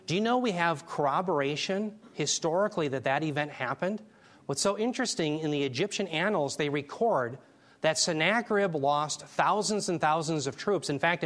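A man teaching a Bible class, preaching in an emphatic, animated way and taking questions from the class. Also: on the high side. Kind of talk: sermon.

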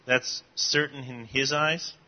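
A man in a Bible class giving his view in a thoughtful, halting way, reasoning aloud as he goes. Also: medium pitch, steady tone. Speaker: class participant. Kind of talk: discussion comment in class. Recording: dull lo-fi recording.

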